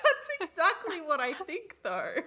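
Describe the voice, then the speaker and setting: A woman's voice: very high-pitched, huge pitch swings, unhurried. A woman co-hosting a podcast in casual chat, blunt and crude, laughing often. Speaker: podcast co-host.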